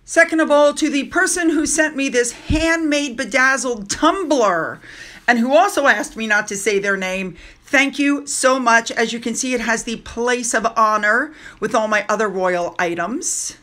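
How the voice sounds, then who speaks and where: A woman's voice: fairly high pitch, unhurried, bright, forceful tone. A woman hosting a casual commentary video, talking emphatically with opinionated, sarcastic asides. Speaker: commentary channel host.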